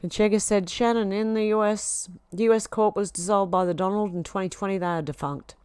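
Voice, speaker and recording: A woman's voice: mid-range voice, steady tone, a little fast, darkish tone, clear, resonant tone, no echo. Woman, Australian accent, casual live-stream chatter, reads comments aloud, dry close sound. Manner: chatty, reads chat comments aloud, scolds her cat. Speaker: vlogger reading live chat.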